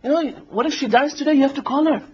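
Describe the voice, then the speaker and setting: A man's voice: very high voice, quick pace, lo-fi sound, slight background noise, pitched above the performer's own voice. A man putting on the sly coaxing devil. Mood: pushy. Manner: wheedling, pushy, escalating demands.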